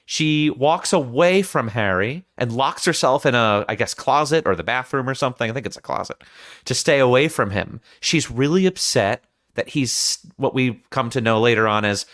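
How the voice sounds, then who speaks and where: A man hosting a film podcast who retells scenes in an animated way and acts out the quotes. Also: medium pitch. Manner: animated storytelling with acted-out quotes. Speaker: podcast host.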